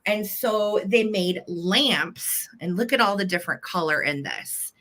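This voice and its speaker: Woman, American accent, bubbly live-sale host, crisp bright tone, counts down bids. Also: mid-range voice, animated, a little slow. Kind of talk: live online auction selling.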